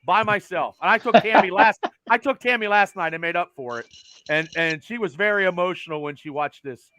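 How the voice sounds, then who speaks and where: A man co-hosting a casual podcast, telling a story loudly and excitedly and swearing freely. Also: high voice, fairly quick, dry recording. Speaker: podcast co-host.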